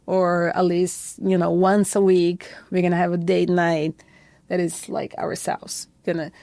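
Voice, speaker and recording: Brazilian woman, young adult guest, gravelly voice, dry close sound, chatty storyteller. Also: on the low side, unhurried, no room sound. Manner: lively storytelling, acts out quoted voices, many "like" and "I feel that" fillers. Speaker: podcast guest, head bartender. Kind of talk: casual interview chat.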